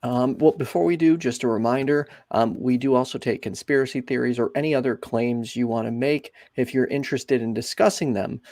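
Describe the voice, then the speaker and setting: A man hosts a call-in show with a gravelly edge to his mid-range voice. He is friendly and sometimes loses his train of thought as he takes a caller. The sound is dry and close. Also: medium pitch, fairly quick, few pauses, a little mellow, no echo. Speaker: co-host.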